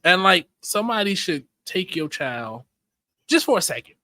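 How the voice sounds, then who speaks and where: A man's voice: high voice, sing-song, moderate pace, sharp tone, no echo. A man co-hosting a podcast in casual chat, easygoing and wry, with a mild way of speaking. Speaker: podcast co-host.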